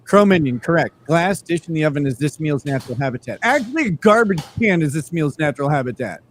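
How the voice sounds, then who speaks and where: A man's voice: a little high, lively intonation, quick pace, a little hiss or hum. A man co-hosting a casual livestream, teasing his partner with profane banter and mock cross-examination. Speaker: livestream co-host.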